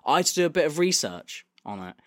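A man's voice: on the high side, big pitch swings, fast, a bit bright, dry recording, studio quality. A man hosting a podcast in casual, jokey banter, blunt and full of swearing. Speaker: podcast host. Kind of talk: casual chat.

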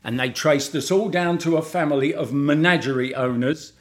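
Older male actor from southern England, lively storyteller, fairly high voice. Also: normal speed. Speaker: actor guest. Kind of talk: reciting a comic monologue and chatting.

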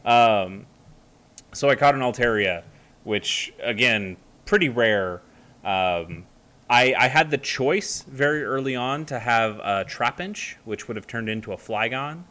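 A man's voice: mid-range voice, lively intonation, a little slow, sharp tone. A man chatting casually as a co-host, rambling with many fillers and restarts. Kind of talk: casual chat.

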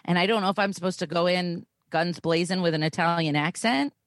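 A young woman chats on a podcast in a low, grounded voice. She is loose and self-deprecating and swears offhand. The sound is close and dry. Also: fairly quick, no room sound. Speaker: podcast co-host. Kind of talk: casual chat.

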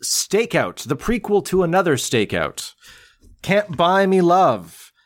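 A man hosting a podcast, chatting casually in a wry, deadpan way. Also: high-pitched, slow. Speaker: podcast host. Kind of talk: casual chat.

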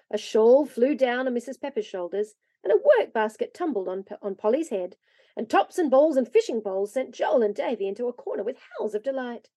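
A woman reading a classic children's story aloud, expressive and lively. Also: on the high side, no echo. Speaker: reader.

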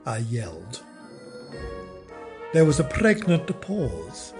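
Lively, unhurried man spinning a comic tale. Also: on the high side, soft background music. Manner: wry, theatrical, mock-indignant. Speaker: podcast host. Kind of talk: comic storytelling narration.

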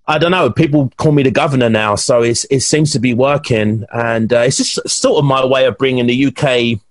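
A man's voice: medium pitch, a little fast, dry recording. A man from England, a professional bodybuilder, telling stories animatedly in a casual podcast interview. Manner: animated storyteller, many restarts. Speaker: guest, pro bodybuilder.

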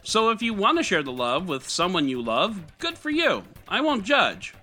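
A man hosts a tech news podcast in a wry, sarcastic tone, his read full of animation. His voice sits fairly high and sounds very bright, with big swings in pitch. Faint music plays underneath. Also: sing-song, normal speed. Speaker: podcast host.

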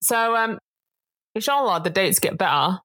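A woman co-hosting a podcast in casual chat, animated, indignant and teasing. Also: mid-range voice, normal speed, no room sound, clean studio sound. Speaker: podcast co-host.

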